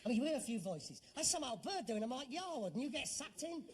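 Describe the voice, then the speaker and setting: A man's voice: extremely high pitch, very animated, fast talker, a little hiss or hum. A middle-aged man with a London Cockney accent, acting a grown son in a sitcom, sarcastic and exasperated. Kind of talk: 1970s British sitcom acting.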